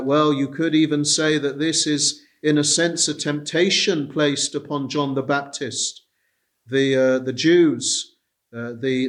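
A man preaching an expository sermon, slow and deliberate, pausing with frequent hesitations and reading scripture in old King James wording. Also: a little high.

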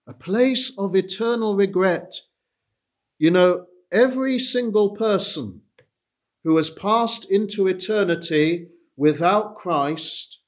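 A man preaching a sermon, earnest and pleading, repeating key phrases for emphasis. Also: high-pitched. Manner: earnest, repetitive pleading delivery.

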